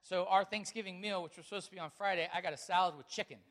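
A pastor with a notably high voice delivers a sermon, telling a family story with animated quoted dialogue before moving into scripture. He is a man who speaks in an engaging storytelling way. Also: quick pace.

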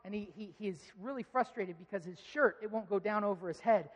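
A man's voice: high voice, a little fast. A man in his thirties preaching a sermon, telling stories conversationally and rising into emphatic pleas. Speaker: pastor. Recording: long hall reverb.

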